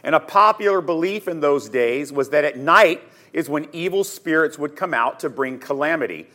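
A man teaching a sermon on scripture, telling the story dramatically and emphatically, swinging between loud and hushed, and putting questions straight to his listeners. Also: fairly high pitch, lively intonation, moderate pace. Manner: addresses listeners directly with questions. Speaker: Bible teacher.

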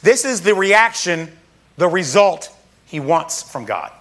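A man preaching a sermon, reading scripture aloud and explaining it in an emphatic, casual way with quick asides. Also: high-pitched, expressive, fairly bright tone.

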